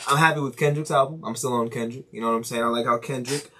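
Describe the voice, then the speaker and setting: A man's voice: mid-range voice, fairly even intonation, pushed and bright. Loose, chatty male podcast host. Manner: loose and chatty, swears freely; reads news aloud haltingly. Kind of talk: casual solo podcast chat and news reading.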